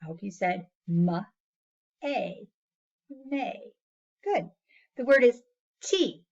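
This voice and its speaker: Patient, slow-talking woman teacher. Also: fairly high pitch, big pitch swings, dull audio. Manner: slow, patient, sounds out words and praises often. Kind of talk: phonics lesson for young children.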